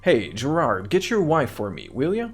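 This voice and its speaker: A man's voice: mid-range voice, wildly swooping pitch, moderate pace, husky, faint music behind, pitched above the performer's own voice. A man voicing a cocky, mocking police detective in a game. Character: cocky male police detective making prank calls.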